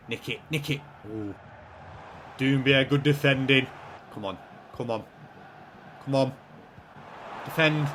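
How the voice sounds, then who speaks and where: A man giving lively play-by-play commentary on his own video game, swinging from quiet muttering to shouting at the big moments. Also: medium pitch, unhurried, long pauses, a little hiss or hum. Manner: excitable, shouts at goals, banter. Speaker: gaming YouTuber.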